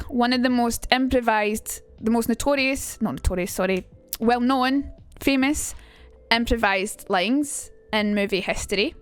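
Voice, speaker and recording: A young woman with a Scottish accent chatting casually on a live stream, quick and swearing now and then. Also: a little high, smooth. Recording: dry room, faint music.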